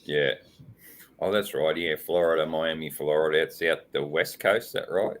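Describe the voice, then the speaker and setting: A man's voice: extremely low pitch, steady tone, moderate pace. An Australian man hosting a casual live-stream chat, rambling with lots of fillers and frequent laughs. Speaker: host.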